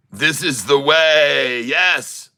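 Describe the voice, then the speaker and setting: Live-streaming his day trades, this middle-aged man taunts the market makers one moment and begs them the next. His medium-pitched voice sounds bright and sharp yet stays smooth and clean, with words stretched out slowly. Excitable, he drawls the numbers and addresses the market directly.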